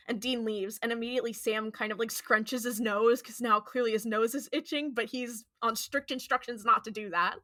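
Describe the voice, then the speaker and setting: A woman's voice: a little high, fairly even intonation, moderate pace, bright, forceful tone, dry recording, clean studio sound. A woman co-hosting a podcast, retelling an episode in casual chat and acting out the characters' lines. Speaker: podcast co-host.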